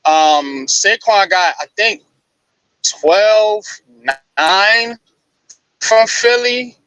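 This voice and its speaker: Bright-voiced man giving casual sports talk. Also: high-pitched, extremely slow, clean tone, dry recording, rough recording. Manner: casual, animated retelling with frequent restarts. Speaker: sports show analyst. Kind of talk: live sports talk commentary.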